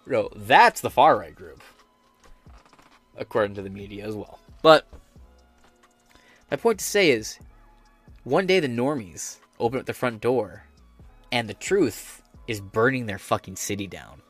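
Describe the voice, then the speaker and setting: A man's voice: fairly low pitch, animated, normal speed, long pauses, a bit bright, no echo, soft background music. A man hosting a podcast, giving a profane, sarcastic, rambling rant of political commentary. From United States. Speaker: podcast host.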